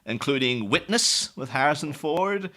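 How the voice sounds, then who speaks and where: A man with a bright, forceful voice chats on a film podcast. He talks loosely and laughs often, breaking into quick put-on voices for quotes. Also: fairly high pitch, expressive. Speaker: podcast co-host. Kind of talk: casual film podcast chat.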